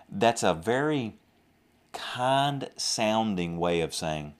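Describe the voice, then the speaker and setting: A young man with a Southern US accent delivers a podcast sermon in a very low-pitched voice. He preaches earnestly, circling back to repeat and rephrase his points as he goes. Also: expressive, slow. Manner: earnest, repeats and restarts phrases, mocks drawl in asides.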